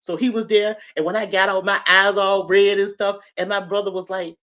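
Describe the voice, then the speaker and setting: A woman in her fifties recounts a personal story, chatty and animated, often turning to address her listeners. Her voice sits in a middle range for a woman. The audio is a bit dull and lo-fi. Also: mid-range voice, brisk. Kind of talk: casual personal storytelling to viewers.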